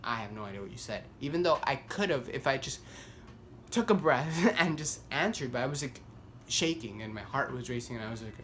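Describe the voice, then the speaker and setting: A young man vlogging, telling a story casually and rambling with lots of "like" fillers, getting animated as he goes. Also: mid-range voice, normal speed, a little hiss or hum. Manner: rambling, heavy use of "like", self-deprecating; animated, voice climbs when worked up.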